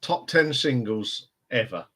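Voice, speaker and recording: A man's voice: medium pitch, lively intonation, takes it slowly, fairly bright tone, slightly rough. A man with a Northampton accent, hosting a casual live stream chat and rambling with frequent laughs. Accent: Northampton English. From England. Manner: chatty, rambling, laughs often.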